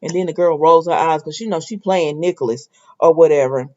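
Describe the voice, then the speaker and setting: A woman's voice: low-pitched, fairly quick, mellow. A woman casually recapping a soap opera episode, retelling scenes in quoted dialogue with her own asides. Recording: dull lo-fi sound.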